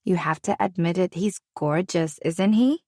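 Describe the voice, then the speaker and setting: A woman's voice: lowish voice, unhurried, warm tone, dry recording, clean studio sound. A woman voicing a cheeky, teasing female coworker in an audiobook.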